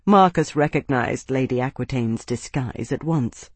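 A man reading an audiobook in a measured, even narrating voice. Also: on the high side, no echo. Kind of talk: scripted narration.

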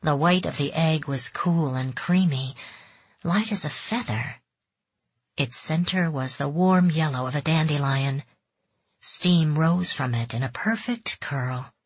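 A woman reading a novel aloud in calm, even scripted narration. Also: deep voice, unhurried, husky, no echo. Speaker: audiobook narrator. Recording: dull dry audiobook recording.

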